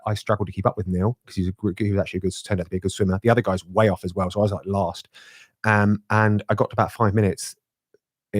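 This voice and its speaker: Middle-aged man, podcast co-host, quick, slightly husky, low voice, dry sound. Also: no room sound. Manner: animated, laughing, swearing. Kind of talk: casual chat, storytelling.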